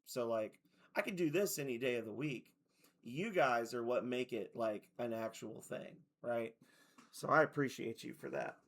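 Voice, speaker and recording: A man's voice: medium pitch, normal speed. A man streaming video games, chatting casually to his viewers and rambling with lots of "like" as he loses his voice. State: losing his voice. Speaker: game streamer.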